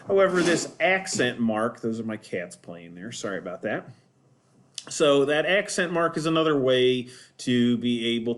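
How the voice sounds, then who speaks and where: A man of middle pitch talks through a lesson at an unhurried pace. He explains things patiently and repeats himself, often pausing to check in with his students. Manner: slow, patient, repeats words with many okays. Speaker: Spanish teacher. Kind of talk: recorded classroom lesson for students. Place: home, cats in the background.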